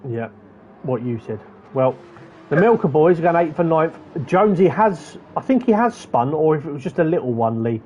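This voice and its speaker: Male sim-racing commentator, mellow and chatty, muffled online stream sound. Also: on the high side, big pitch swings, normal speed, a little hiss or hum. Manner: chatty, rattles off positions and gaps. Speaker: race commentator.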